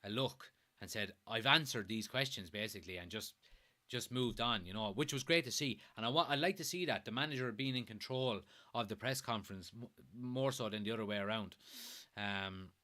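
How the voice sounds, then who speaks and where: A young Irish man from Kilkenny hosts a live stream and talks through viewer comments in loose, easygoing chat. His voice is bright and forward. He drops the odd curse and laughs easily between points. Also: on the low side, a little fast. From Ireland. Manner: chatty, swears casually, laughs easily. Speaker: host of a fan live stream.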